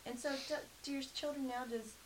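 A woman interviewer asking halting questions, often restarting them. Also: high-pitched, steady tone, a crowd in the background, rough recording. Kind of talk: oral-history interview questions. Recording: hissy recording.

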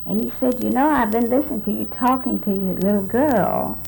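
Quoting others and frequently correcting herself, this older woman from South Texas rambles through recollections for a recorded interview. Her voice sits a little high and moves fairly quickly, mellow with vocal fry. A slight hiss or hum runs under the low-quality audio.

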